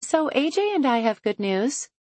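A woman voicing Chloe, a cheerful young mother sharing good news in a bubbly, high, bright way. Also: normal speed, no room sound.

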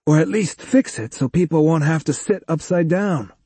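A man reading as a gentle cybersurgeon. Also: fairly high pitch, moderate pace, breathy edge, no echo, voice pushed up. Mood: wry. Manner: gentle, reassuring. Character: patient, kindly male cybersurgeon doctor.

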